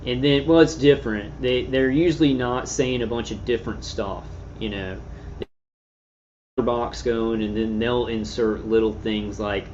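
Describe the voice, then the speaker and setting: A man of middle pitch talks casually to a livestream audience, circling back on his words with fillers and false starts. The sound is muffled and lo-fi, with the top end rolled off. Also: steady tone, darkish tone, slight background noise. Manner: meandering, halting, many fillers and restarts. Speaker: channel host reading live chat. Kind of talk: rambling casual livestream talk.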